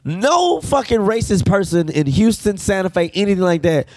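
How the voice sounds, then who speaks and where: High-voiced man telling a story. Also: moderate pace, no echo, studio quality. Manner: animated, profane storytelling with voiced quotes. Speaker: podcast co-host. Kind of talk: casual storytelling chat.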